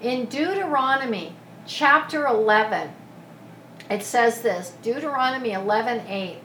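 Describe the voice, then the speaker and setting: A woman preaching a sermon, retelling a scripture story in a lively, casual way with asides. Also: fairly high pitch, a little slow, slight background noise. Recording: echoey room from a distance.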